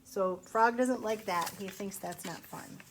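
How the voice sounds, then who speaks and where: A woman's voice: medium pitch, unhurried, slight background noise, rough recording. A woman reading a picture book aloud to children in a sing-song way, stopping to ask them questions. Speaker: storytime reader.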